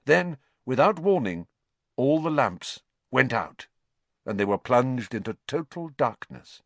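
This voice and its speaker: A man narrating a storybook in an expressive, dramatic way. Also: mid-range voice, measured pace, creaky, no echo. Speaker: audiobook reader.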